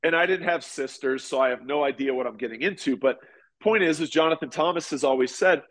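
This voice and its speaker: A man in his forties, a former ballplayer, telling stories in a relaxed, rambling way during an interview. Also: on the high side, brisk. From United States. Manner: relaxed, rambling, many restarts. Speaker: podcast guest, former pitcher and golfer. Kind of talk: casual interview storytelling.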